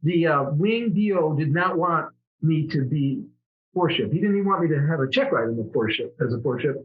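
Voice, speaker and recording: A man's voice: on the high side, expressive, fairly quick. Chatty middle-aged man with muffled sound. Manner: chatty, rambling, many restarts. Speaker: interview guest, former fighter pilot. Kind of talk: casual storytelling interview.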